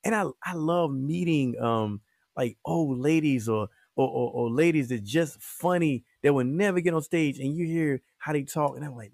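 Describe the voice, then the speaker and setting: Rambling comedian with a dry, close sound. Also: male voice, on the high side, normal speed, creaky, a little mellow, dry recording. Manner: rambling, many fillers and restarts. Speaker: guest comedian. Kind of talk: casual interview chat.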